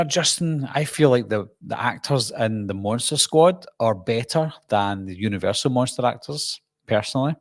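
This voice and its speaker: A middle-aged man with a Glaswegian Scottish accent, hosting a relaxed live stream and chatting while reading out viewer comments. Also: lowish voice, dry recording. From Scotland. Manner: chatty, jokey, reads comments aloud and answers. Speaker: channel host.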